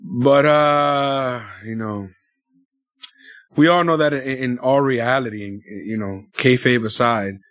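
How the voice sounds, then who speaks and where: A man's voice: mid-range voice, takes it slowly, fairly bright tone, no room sound, studio quality. Laid-back, profane male co-host. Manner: loose and profane, rambling with filler words. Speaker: podcast co-host. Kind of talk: casual chat about wrestling.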